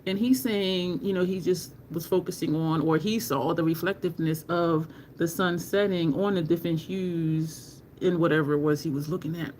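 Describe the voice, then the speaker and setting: A woman hosting a makeup livestream from home, talking slowly and rambling while she greets viewers from the chat. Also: on the low side, steady tone, darkish tone, a little hiss or hum.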